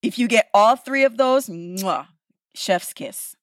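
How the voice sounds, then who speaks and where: A woman's voice: on the high side, unhurried, no echo, clean studio sound. A woman from the Caribbean with a Caribbean accent, a guest talking casually and emphatically, often adding tag questions. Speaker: guest, podcast creator. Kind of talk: casual conversation.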